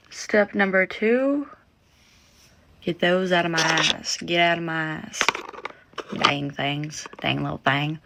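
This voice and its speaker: A woman's voice: lowish voice, slow pace. A woman playfully walking through makeup removal steps, sometimes whispering. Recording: loud background noise.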